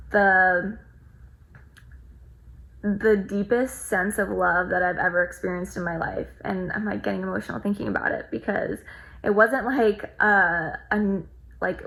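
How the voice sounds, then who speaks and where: A woman's voice: medium pitch, creaky, a bit bright, rough recording. A woman vlogger sharing a personal experience in a reflective, heartfelt way, with lots of "like" fillers. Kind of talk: personal storytelling to camera.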